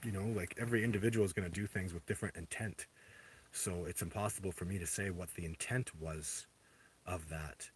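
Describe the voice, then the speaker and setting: A man hosting a casual livestream, answering viewer questions in a rambling, halting way with many restarts. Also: deep voice, fairly even intonation, a little hiss or hum. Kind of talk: casual live chat.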